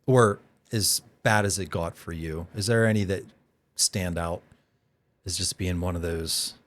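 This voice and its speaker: Playful deep-voiced male host. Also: steady tone, measured pace. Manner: playful, teasing. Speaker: podcast host. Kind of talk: casual podcast interview.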